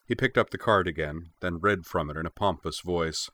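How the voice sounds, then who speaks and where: A man narrating a fantasy audiobook in a measured, even storytelling voice. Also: low voice, no room sound. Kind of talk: scripted narration.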